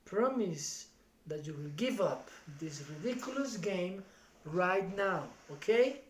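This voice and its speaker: A man's voice: sits high, expressive, slow, roomy sound, a little hiss or hum. A reader doing a stern, scolding father. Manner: exasperated, scolding. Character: stern angry middle-aged father.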